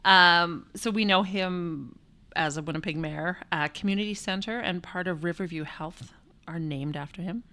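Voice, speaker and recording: A woman's voice: lowish voice, normal speed, pushed and bright. A woman co-hosting a podcast in casual chat, playful and jokey, laughing often. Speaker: podcast co-host.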